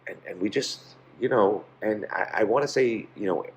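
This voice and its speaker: A man's voice: fairly low pitch, moderate pace, slight background noise. A man, a pizzeria owner, telling stories in a casual interview, rambling with many fillers.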